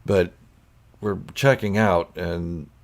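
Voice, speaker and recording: A man's voice: low voice, fairly even intonation, slow pace. A man hosting a casual live chat, goofy and laughing often while he answers viewers' comments. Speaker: channel host chatting with live viewers.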